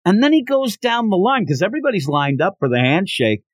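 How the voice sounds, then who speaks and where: A man hosting a podcast, casually retelling a manga story with animated asides. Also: high-pitched, a little fast, no echo. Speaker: podcast host.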